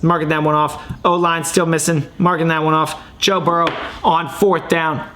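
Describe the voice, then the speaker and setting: A man talking into his home camera and computer mic for a casual sports podcast. His voice sits a little high, and he rambles in an excitable way while poking fun at himself. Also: normal speed, slight background noise. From Ohio. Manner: rambling, excitable, self-mocking. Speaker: podcast host.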